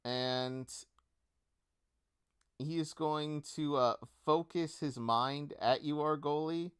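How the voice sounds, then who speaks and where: Game master for a tabletop game, male, slow and easygoing, smooth clear voice. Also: a little high, steady tone, fairly bright tone. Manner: easygoing, with many filler words.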